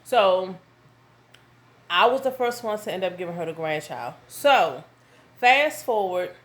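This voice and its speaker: A woman, telling a casual story to her viewers at home, animated and full of asides. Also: mid-range voice, unhurried. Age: 30s. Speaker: vlogger. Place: home with her young son nearby.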